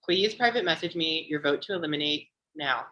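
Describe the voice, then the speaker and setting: A woman hosting an online game show, reading out votes and results in a measured, formal way. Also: low voice, expressive, pushed and bright, muffled recording. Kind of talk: scripted announcements.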